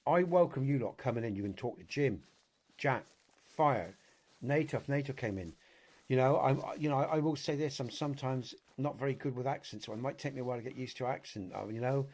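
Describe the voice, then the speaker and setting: A man's voice: medium pitch, darkish tone. British guy rambling on his game stream, loads of "you know", swears casually, chatty host. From Britain. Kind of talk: casual live-stream chat while playing a hunting game.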